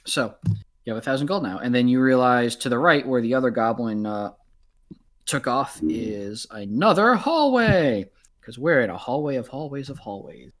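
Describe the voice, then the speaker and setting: A man's voice: medium pitch, sing-song, moderate pace, a bit bright. A man narrating as game master in a casual way, with many ums and uhs.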